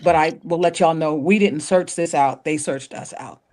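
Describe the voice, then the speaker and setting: Low-voiced woman telling stories animatedly. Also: moderate pace. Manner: animated storyteller, acts out quotes. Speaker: guest singer. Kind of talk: casual interview chat.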